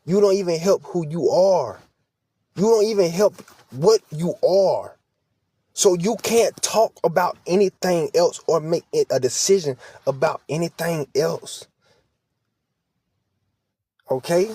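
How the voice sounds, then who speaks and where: A fairly high, mellow voice with a breathy edge comes slowly, broken by long pauses, in a dry recording. The man's vlog is an impassioned, profane, preachy monologue to camera, and he is almost crying.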